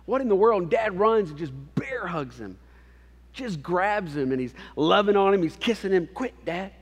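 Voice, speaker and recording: A man preaching a sermon as a pastor, telling a story with animated, acted-out voices. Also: high-pitched, normal speed. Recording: long hall reverb.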